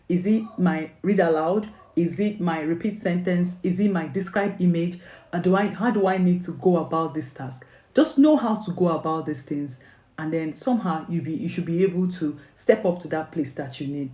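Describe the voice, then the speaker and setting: A dark-toned woman's voice on the low side, with a Nigerian accent, delivers earnest, coaxing exam tips as an English tutor in a motivational video. She fills her advice with questions and "okay?" checks, and the sound is reverberant.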